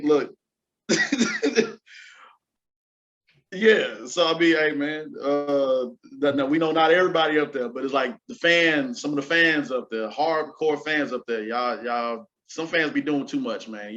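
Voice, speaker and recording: Animated man, slightly high voice. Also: a little slow. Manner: animated, joking, laughs often. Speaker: podcast co-host. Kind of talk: casual chat. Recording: muffled lo-fi mic.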